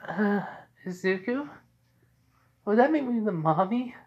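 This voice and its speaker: A gentle, caring young woman speaks softly and reassuringly in a raised pitch, as a young man puts her on while reading a fan story. It sounds plainly like someone doing a voice, not a real woman. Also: lively intonation, slow, muffled recording. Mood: curious.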